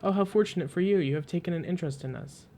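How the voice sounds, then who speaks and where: A man voicing a gentle, motherly female queen of desert creatures, speaking graciously and formally over soft game music. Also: sits high, rapid-fire, voice pushed up. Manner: gracious, cooing, slightly formal.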